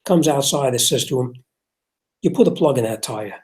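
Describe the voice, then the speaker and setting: A man's voice: medium pitch, lively intonation, normal speed, a little mellow, a little hiss or hum. An older man who runs a repair shop, hosting a casual talk show and telling a long story in a rambling way, acting out both sides of an argument. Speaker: car repair shop owner and show host.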